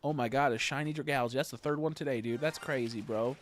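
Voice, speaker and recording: A young man casually chatting on a game livestream, rambling and joking, jumping from loud bursts to low mutters. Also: fairly even intonation, a little fast. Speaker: streamer. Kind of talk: casual livestream chat while gaming.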